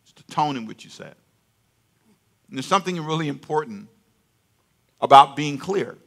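A man's voice: fairly high pitch, animated, normal speed, a bit bright. An older man preaching a sermon in a conversational way, repeating phrases and getting the congregation to answer him aloud.

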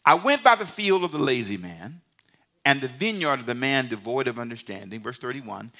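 A man preaching a sermon in a church, animated and conversational, swinging from loud outbursts to hushed asides. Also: mid-range voice, moderate pace. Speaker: pastor. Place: church sanctuary.

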